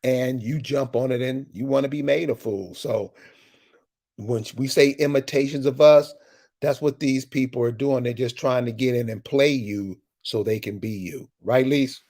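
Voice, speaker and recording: A man hosting an opinion commentary, speaking in a middle-pitched voice. He lectures and addresses his viewers directly. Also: moderate pace, warm tone. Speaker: commentary video host.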